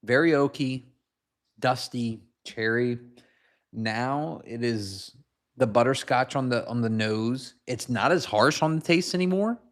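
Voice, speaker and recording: Casual man rambling on a livestream. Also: medium pitch. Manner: loose, joking, rambling. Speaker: whiskey livestream host. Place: home, moving to a garage. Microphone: handheld phone.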